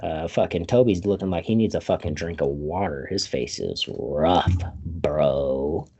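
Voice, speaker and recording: A man retells a movie in a loose, rambling way, full of swearing and chuckles. His pitch rises and falls a lot as he gets carried away with the story. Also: animated, moderate pace, vocal fry, warm tone, slightly rough. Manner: rambling, profane, laughs often. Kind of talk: casual movie recap.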